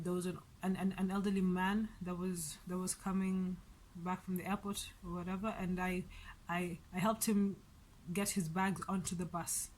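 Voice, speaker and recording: A woman chats to her viewers in a casual vlog, telling an everyday story. Her voice sits at an ordinary middle pitch. She rambles a little, restarts her sentences often and laughs lightly now and then. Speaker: vlogger.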